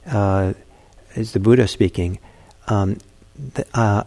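A man, a meditation teacher, giving a dharma talk and telling a fable in a gentle, halting way. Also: lowish voice.

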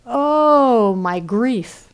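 A woman's voice: medium pitch, lively intonation, normal speed, lightly acted. A woman voicing a grieving underworld queen who moans theatrical laments. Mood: wailing.

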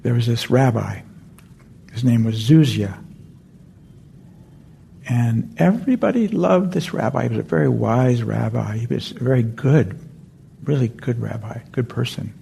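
A male meditation teacher talks gently in a deep-toned, gravelly, mellow voice, meandering and correcting himself as he goes. Faint noise sits under the talk in the hall. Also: animated, measured pace, pauses often. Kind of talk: dharma talk with a story.

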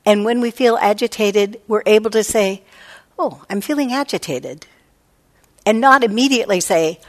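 A woman's voice: mid-range voice, moderate pace. A woman meditation teacher giving a reflective dharma talk, often voicing her own inner thoughts. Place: meditation hall.

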